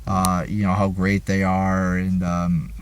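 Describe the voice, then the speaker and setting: A man's voice: deep voice, completely flat delivery, takes it slowly, clean tone. A man reviewing a wrestling show in an angry, profane rant, often stammering and repeating his words.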